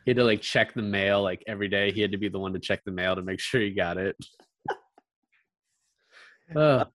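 A man's voice: on the low side, moderate pace, a bit bright, no room sound, clean studio sound. Chatty male co-host who laughs through his scene recaps and talks in loose fillers. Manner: chatty, laughs often, retells scenes with quoted lines. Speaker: podcast co-host. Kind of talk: casual film discussion.

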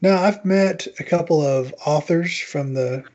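Man guest, casual chat, relaxed, slightly dull audio. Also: fairly high pitch, measured pace. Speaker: podcast guest.

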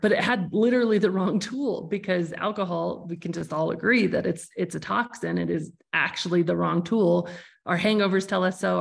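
A woman with a lowish voice and vocal fry hosts a reflective podcast interview. She speaks in a thoughtful, searching way, frequently restarting her sentences.

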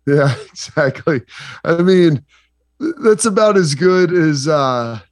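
A man's voice: fairly high pitch, expressive, slow, no echo, studio quality. A man from Southeastern Ohio, a sports analyst guest, rambling casually with lots of fillers. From Southeastern Ohio, USA.

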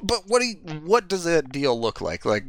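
A man co-hosting a sports podcast, chatting casually with quick agreements and playful asides. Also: on the high side, sing-song, no echo. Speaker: podcast co-host.

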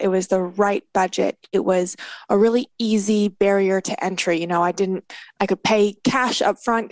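There's no room sound around this medium-pitched woman in her thirties. A business coach, she gives a motivational talk that's candid and earnest, broken up by bursts of laughter and animated quoted reactions.

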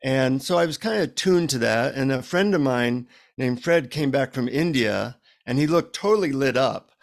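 A middle-aged man, an author, telling a story in an animated conversational way and acting out the dialogue. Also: medium pitch, moderate pace, creaky. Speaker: author guest.

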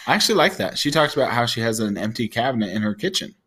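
A man's voice: medium pitch, sing-song, racing, fairly bright tone. A man co-hosting a family podcast in casual chat, upbeat and jokey. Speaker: podcast co-host.

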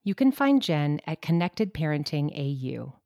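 Female podcast host, very deep voice, dry close sound. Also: very animated, normal speed, vocal fry, darkish tone, no room sound. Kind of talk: podcast interview.

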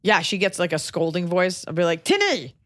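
A woman's voice: fairly low pitch, steady tone, fairly quick, dry recording. A woman co-hosting a podcast in casual chat, with dry, teasing humor. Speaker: podcast co-host.

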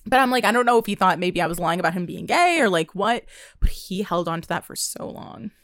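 Young woman, casual co-host, lively storyteller, swears a lot, dry close sound. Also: lowish voice, a little fast, no room sound. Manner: animated storytelling, acts out her own outbursts, swears freely. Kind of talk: casual chat.

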